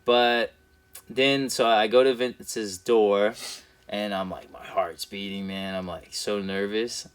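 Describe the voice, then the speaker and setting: A man's voice: on the low side, clear, resonant tone. A young man, a professional wrestler, telling a story in a casual interview and acting out the scenes as he goes. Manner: lively storyteller who acts out scenes, with fillers and quick restarts.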